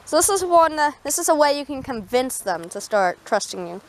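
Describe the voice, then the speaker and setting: A woman from Canada chatting casually in a backyard tutorial vlog, talking softly to her chickens. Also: high voice, sing-song, brisk. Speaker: vlogger. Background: chickens clucking.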